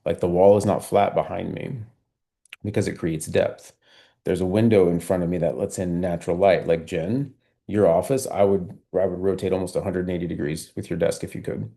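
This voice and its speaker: Male sales trainer with a low, dark, gravelly voice; calm, metronome-steady coaching over a video call. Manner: measured, steady pace with frequent "right?" and "like".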